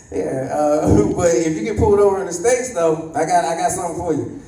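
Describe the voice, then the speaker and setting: A man's voice: a little high, a little fast, warm tone. A man in his thirties doing a stand-up comedy set, acting out voices and laughing at his own jokes. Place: comedy club stage. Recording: echoey room, voice slightly distant.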